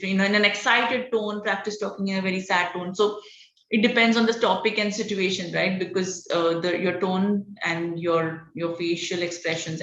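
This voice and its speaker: A woman running an online public speaking class, encouraging and energetic, with frequent "okay" and "all right" between points. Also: medium pitch, a little hiss or hum. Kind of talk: online training session. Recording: dull roomy lo-fi online call audio.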